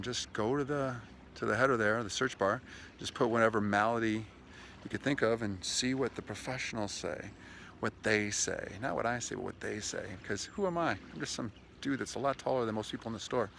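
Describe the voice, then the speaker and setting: A man with a slightly low, gravelly voice talks eagerly to his camera outdoors beside a lake. He rambles through stories in a casual, upbeat way. Faint outdoor ambience sits under his voice. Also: fairly quick, fairly bright tone, slight background noise. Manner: chatty, enthusiastic, talks to his dog mid-video. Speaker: vlogger giving sales tips. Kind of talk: casual outdoor vlog monologue. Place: outdoors by a lakeshore with lapping waves.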